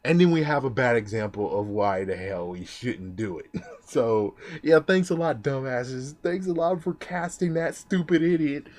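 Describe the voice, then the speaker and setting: A young man giving an excitable, swearing commentary about an anime dub in a casual vlog. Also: medium pitch, normal speed. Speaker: anime vlogger.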